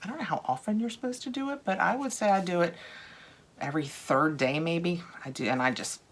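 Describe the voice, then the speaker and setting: An older woman chatting casually through a product unboxing, gushing over items and dropping to a soft whisper now and then. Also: fairly low pitch, fairly quick.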